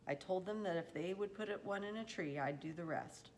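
A woman's voice: fairly low pitch, brisk, a little hiss or hum, voice pushed up, close to an everyday voice. A woman reading aloud as a determined young farm boy who speaks earnestly and pleadingly.

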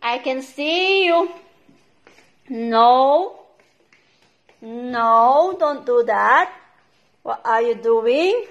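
A woman coaxes and scolds her dogs in a high voice. She talks very slowly, with drawn-out commands and bursts of excited pet-talk. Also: dull audio. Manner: slow commands, coaxing and scolding. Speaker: vlogger and dog owner.

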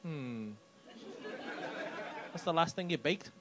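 A man's voice: fairly high pitch, expressive, slow, background noise. A man doing stand-up crowd work, cheeky and teasing, swearing freely as he chats with people in the audience on a club stage. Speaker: stand-up comedian. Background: faint audience laughter.

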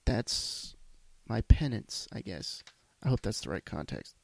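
A man's voice: on the low side, big pitch swings, unhurried, gravelly, darkish tone, dry recording. Congested, foul-mouthed male podcast host. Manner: profane, rambling, self-deprecating. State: congested from a sinus issue. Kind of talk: solo casual monologue. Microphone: podcast microphone.

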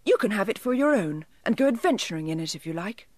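An earnest, well-mannered little boy, played by a woman reading a storybook. His voice is lifted a little above hers, lively and slightly breathy. The sound is close and dry. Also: medium pitch, fast, no echo. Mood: kind. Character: polite, kind little boy.

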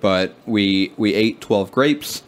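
A man's voice: fairly low pitch, slow. A man in his twenties co-hosting a casual podcast, chatting easily and reading brewery blurbs aloud. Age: 20s. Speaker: podcast co-host. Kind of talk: casual chat.

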